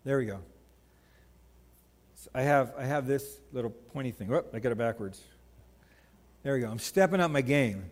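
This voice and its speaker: A man's voice: medium pitch, normal speed, pauses often, long reverb tail. A man preaching a sermon as pastor, conversational and joking, telling stories to the congregation. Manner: conversational, joking, animated storytelling. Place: church sanctuary.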